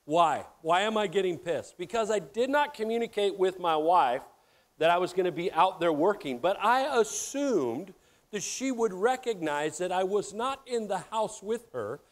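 Casting: middle-aged male pastor, high-pitched voice, lively jokey delivery addressing the crowd. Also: moderate pace. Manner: animated, jokey, addresses audience directly. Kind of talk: sermon.

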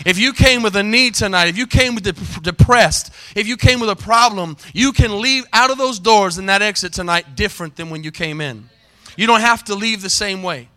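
A middle-aged male pastor preaching an evening church sermon, pausing often to ask the congregation for an "amen". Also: high voice, pushed and bright. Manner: preaching with call-and-response "amen" questions. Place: church sanctuary.

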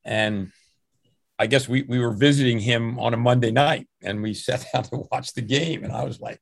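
An older man with a gravelly, creaky voice, recorded dry and close, tells long stories as a veteran coach. He rambles warmly from anecdote to anecdote, with plenty of restarts and small chuckles. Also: mid-range voice, normal speed, no room sound. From New Jersey, USA. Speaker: swim coach. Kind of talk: relaxed interview storytelling.

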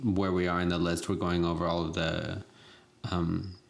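A woman with a very low voice talks through a casual podcast chat. She rambles from point to point in a chatty way and laughs easily. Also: little pitch movement, moderate pace, gravelly. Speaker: podcast co-host.

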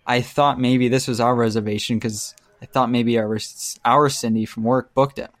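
A man's voice: medium pitch, moderate pace, no echo. A man casually telling an anecdote, acting out the quotes and laughing often. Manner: animated storytelling, acts out quotes, laughs often. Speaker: storyteller. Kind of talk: casual chat.

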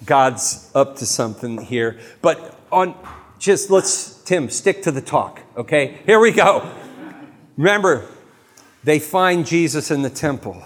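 A man giving a lively, jokey talk to a live audience on faith, full of quick asides. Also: on the high side. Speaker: Catholic speaker. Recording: long hall reverb.

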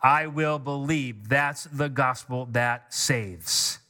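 A man preaching a sermon as pastor, reading scripture slowly with stress on each phrase and leading the congregation in call-and-response. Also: medium pitch, sharp tone. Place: church sanctuary.

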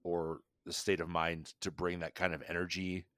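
Guy with a real deep voice chatting on a podcast, dry close sound. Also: little pitch movement, normal speed, a bit bright, no echo. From United States. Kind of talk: casual chat.

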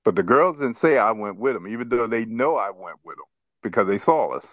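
A man's voice: fairly low pitch, animated, a little fast, dry recording, dull audio. A man co-hosting a podcast, telling a childhood story in casual chat and laughing as he goes. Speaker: podcast co-host.

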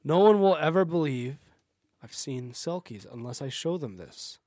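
A man's voice: fairly high pitch, animated, normal speed, a little mellow, dry recording, clean studio sound. A man voicing a headstrong young fisherman in love, speaking in an earnest, pleading way. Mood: wondering.

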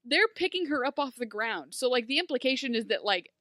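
A woman talks in a casual recap, sarcastic and animated, her speech full of "like" fillers. Her voice is fairly high and bright. The sound is close and dry. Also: fairly quick, no echo. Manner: animated, sarcastic, lots of "like" fillers, acts out quotes. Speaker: podcast co-host recapping a TV episode. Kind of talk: casual chat.

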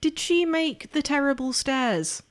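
A woman playing a character in a tabletop game, speaking hesitantly with many pauses and fillers. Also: high voice, lively intonation. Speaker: player. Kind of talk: casual chat in character.

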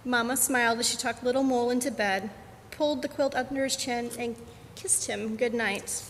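A woman reading a picture book aloud to children at a worship service, gentle and unhurried. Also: fairly high pitch. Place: church sanctuary. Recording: echoey sanctuary, faint hum.

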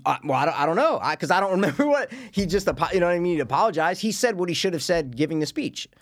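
A man's voice: sits high, sing-song, rapid-fire, no room sound, clean studio sound. A man co-hosting a podcast in casual chat, ranting with animation and swearing freely. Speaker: podcast co-host.

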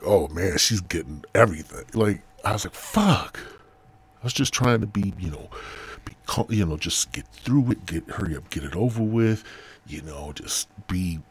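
A man from the United States with a low, heavily husky voice, rambling through a casual podcast monologue. He swears freely and often loses track of what he was saying. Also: lively intonation, normal speed. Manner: rambling, profane, loses his train of thought. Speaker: podcast host.

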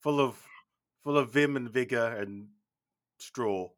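Man, comedy podcast guest, deadpan, rambling, stumbling, mid pitch. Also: slow. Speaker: guest playing a film director. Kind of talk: comic chat in character.

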